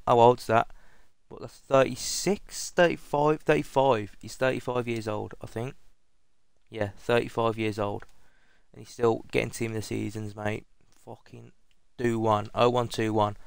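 A young British man giving excitable pack-opening commentary on a video game, swearing and repeating himself. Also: medium pitch, creaky, clean tone. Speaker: gaming YouTuber.

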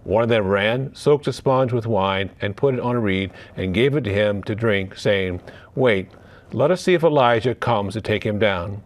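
Low-voiced priest reading and preaching. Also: male voice. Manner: measured reading with small slips and restarts. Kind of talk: reading the Gospel and preaching a homily.

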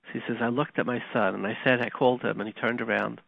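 A man hosting a radio talk show, telling a story and teaching Torah, animated and conversational, dropping to quiet retellings. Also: medium pitch, fast, gravelly, no room sound. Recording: tinny phone-like line, dry.

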